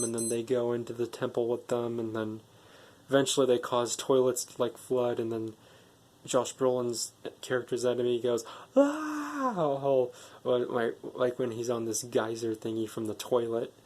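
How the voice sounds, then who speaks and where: A man with a mid-pitched voice gives a casual spoken movie recap. He rambles from one plot point to the next, chaining clauses with "and then" and "like". His tone stays plain and conversational throughout. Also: completely flat delivery, normal speed, darkish tone. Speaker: movie reviewer.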